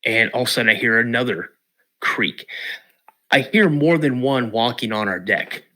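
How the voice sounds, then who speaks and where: A man from the Pacific Northwest of the US, a podcast guest telling a personal story in an emotional, halting way. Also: mid-range voice, expressive, sharp tone. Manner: emotional, halting retelling with restarts.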